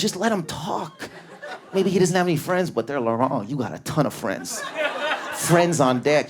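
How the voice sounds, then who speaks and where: A man doing a stand-up comedy set in a club, riffing at high energy on an audience member. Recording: live club with a laughing crowd. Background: audience laughter.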